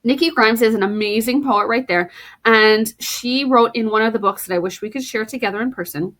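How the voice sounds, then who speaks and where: A woman's voice: fairly high pitch, a bit bright. Playful woman teacher reading poems. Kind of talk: recorded lesson for students.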